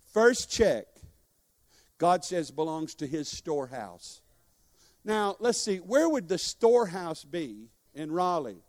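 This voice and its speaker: A man preaching a sermon to a congregation, leading call-and-response and joking as he exhorts. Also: on the high side. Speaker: guest preacher. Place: church sanctuary. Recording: long church hall reverb.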